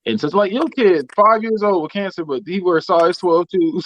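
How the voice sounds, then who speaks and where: Dude cracking up telling customer stories, dry muffled lo-fi sound. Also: male voice, sits high, lively intonation, moderate pace, few pauses, no echo. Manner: laughs often through his stories, loose and profane. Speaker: podcast co-host. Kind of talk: casual storytelling chat. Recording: dull lo-fi audio.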